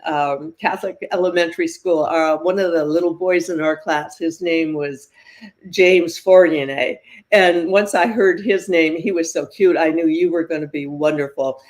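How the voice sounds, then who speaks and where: A woman's voice: fairly low pitch, normal speed. An older woman hosts a podcast interview in a bubbly, chatty way. She laughs often between her questions and keeps the guest talking. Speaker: podcast host.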